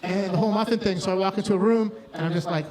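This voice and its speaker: Very fast and high-pitched, this stand-up comedian rambles crudely through a live set before a bar crowd. He often stops himself mid-sentence, and laughter and crowd noise are audible.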